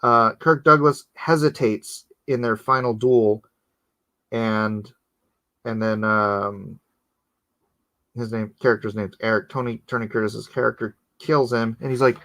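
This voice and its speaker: A man, a comic artist, chatting casually on a live stream while he inks, rambling and growing animated as he laughs through a story. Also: mid-range voice, moderate pace.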